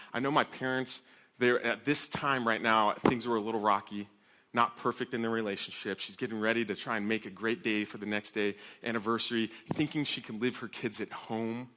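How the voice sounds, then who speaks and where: A young man, a pastor, telling a personal story in a sermon talk to a women's audience, acting out the voices in it. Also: lowish voice. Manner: animated, acts out shouted quotes with laughter. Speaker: youth pastor.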